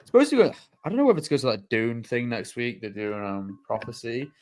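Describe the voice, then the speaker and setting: Laid-back podcast co-host, lively pitch. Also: male voice, a little fast. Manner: laid-back, hesitant, trails off. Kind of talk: casual movie podcast chat.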